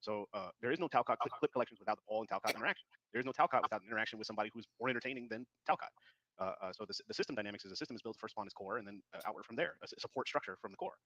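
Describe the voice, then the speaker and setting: A man's voice: lowish voice, rapid-fire, sharp tone, no room sound, muffled recording. A man joining an online panel as a guest, speaking with many hesitant fillers. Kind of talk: casual panel chat.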